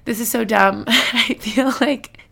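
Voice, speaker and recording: A woman's voice: on the high side, fairly even intonation, takes it slowly, creaky, sharp tone. A young woman vlogging about her relationship in a personal, emotional way, close to tears, full of "like" fillers. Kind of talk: personal vlog talk.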